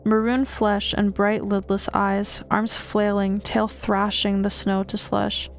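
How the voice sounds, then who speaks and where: A woman streamer reading a horror book aloud, steady with small stumbles and restarts. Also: medium pitch, slow pace, faint music behind.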